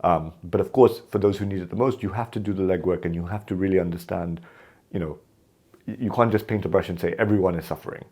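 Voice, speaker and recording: A man from Kenya speaks as a podcast guest in a very low voice. He tells his stories in a relaxed, conversational way, and he acts out the lines of the people in them. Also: fast talker. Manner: animated, acts out quoted dialogue in his stories. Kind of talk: conversational interview storytelling.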